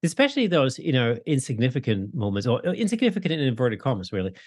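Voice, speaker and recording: A man's voice: mid-range voice, wildly swooping pitch, fast talker, breathy edge, no room sound, studio quality. A man in his forties in a casual podcast conversation, talking in a reflective, rambling way with many fillers.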